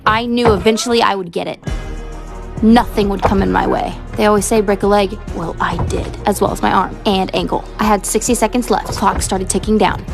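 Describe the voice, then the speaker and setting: A woman narrating a mock-epic voice-over, deadpan and self-mocking. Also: medium pitch, creaky. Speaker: TikTok creator. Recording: music playing under the voice.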